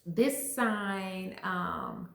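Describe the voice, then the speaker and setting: A woman talking straight to camera in a loose, chatty way, leaning hard on her points with plenty of emphasis. Her voice sits at an ordinary middle pitch. The room around her is noticeably echoey. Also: wildly swooping pitch, drawn-out words, creaky, fairly bright tone. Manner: chatty, emphatic, acts out little quoted voices. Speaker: astrology vlogger. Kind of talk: casual explanatory chat.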